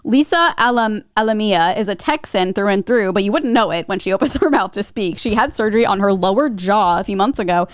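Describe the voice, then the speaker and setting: A woman's voice: mid-range voice, lively intonation, a little fast, hardly any pauses, clean tone, dry recording, studio quality. Bubbly young woman podcast co-host. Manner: bubbly, says "like" a lot, laughs often. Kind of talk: casual chat.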